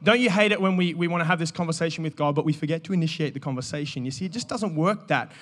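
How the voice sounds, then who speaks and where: A man, preaching an energetic sermon and joking with the congregation. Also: a little high, very fast. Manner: animated, joking, calls out to the congregation. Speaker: pastor. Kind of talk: energetic sermon with audience banter.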